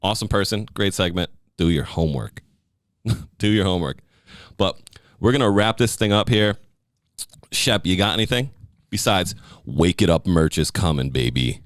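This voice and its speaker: A man's voice: low voice, animated, moderate pace, long pauses, dry recording, studio quality. A male podcast host chatting casually, joking and laughing a lot. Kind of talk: casual chat.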